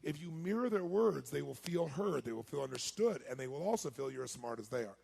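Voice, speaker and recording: A man giving a live seminar talk as a motivational speaker, energetic and quizzing his audience. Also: fairly high pitch, brisk. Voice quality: raspy, gravelly.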